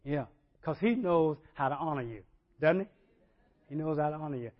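A man's voice: a little high, animated, normal speed, narrow, tinny audio. A male pastor delivering a sermon conversationally, often checking in with the congregation.

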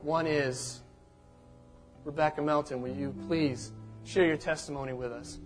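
Man, pastor, scripture reading, sermon, high voice, faint music. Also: steady tone, measured pace. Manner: reads scripture, then introduces speakers. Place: church service.

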